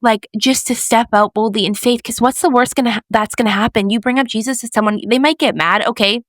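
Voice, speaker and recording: A young woman with a fairly high voice chats casually on a faith podcast. She tells a story with lively, animated delivery, acting out each person's lines and saying "like" a lot. The sound is dry and close. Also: fast, dry recording. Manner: animated storyteller, acts out quoted voices, lots of "like". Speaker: podcast co-host.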